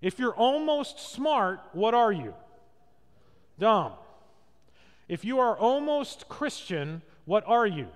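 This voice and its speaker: A high-pitched male pastor preaches slowly and pauses often, his voice rising and falling widely as he acts out quotes in stories and poses rhetorical questions. The recording, made in a church sanctuary, has the long echo of a church hall.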